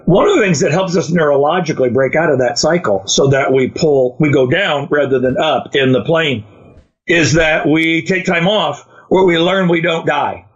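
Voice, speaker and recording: A man's voice: a little high, normal speed. A man co-hosting a casual podcast, telling stories and quoting people as he goes. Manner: storytelling, quotes others in animated voices. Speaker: podcast co-host. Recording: dull lo-fi sound.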